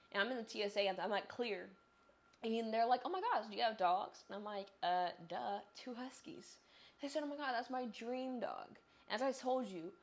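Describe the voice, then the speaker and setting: A young woman in her twenties, a vlogger telling a chatty, animated story about her travel day straight to the viewer while on the move. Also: medium pitch. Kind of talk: casual storytelling vlog. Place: on the move, traveling through an airport.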